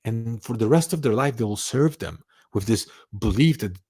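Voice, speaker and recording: Emphatic man giving forceful advice. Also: medium pitch, expressive, moderate pace, slightly rough. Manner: emphatic, insistent, repeats key phrases. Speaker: channel host giving advice. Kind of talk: motivational talk to camera.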